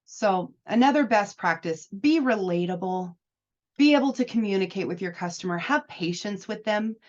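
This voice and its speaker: Here the same kind of casual advice talk moves at a moderate pace: a woman from the United States, mid-range and animated, cheerfully encourages new insurance agents. The recording is somewhat dull and lo-fi.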